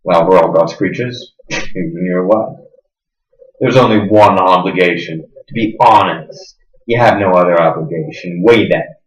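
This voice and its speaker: An actor playing a smug, sadistic middle-aged interrogator who sneers and swings between hushed menace and sudden loudness, in a roomy, dull recording. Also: male voice, deep voice, a little slow. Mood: menacing. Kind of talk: stage drama acting.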